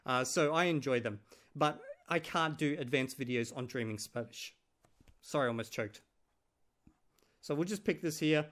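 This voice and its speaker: A man's voice: medium pitch, moderate pace, pauses often, fairly bright tone. A man vlogging in casual chat, translating clips aloud with many fillers and restarts. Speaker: vlogger reviewing a language course.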